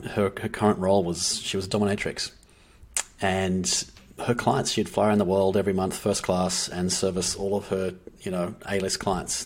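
A man speaking as a guest on a podcast, earnest and reflective, often restarting his sentences. His voice is very low and husky, with a soft rasp. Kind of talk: casual podcast conversation.

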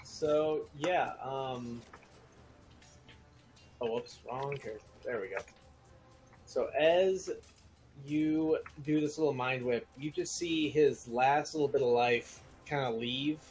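A man's voice: mid-range voice, a little mellow, a little hiss or hum. Man running a tabletop game as game master. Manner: loose, halting narration with fillers.

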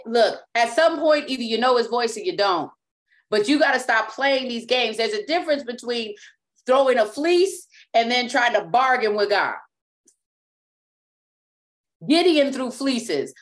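A woman's voice: a little high, lively intonation, moderate pace, a bit bright. A woman preaching a sermon as apostle and teacher, speaking emphatically and often repeating and restarting words.

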